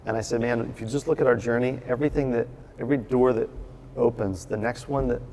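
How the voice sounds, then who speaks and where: A man telling the story of opening his brewery in a casual chat, acting out what people said with lively restarts. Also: mid-range voice, quick pace, slight background noise. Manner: animated storyteller, acts out quotes with restarts. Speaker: brewery owner, guest.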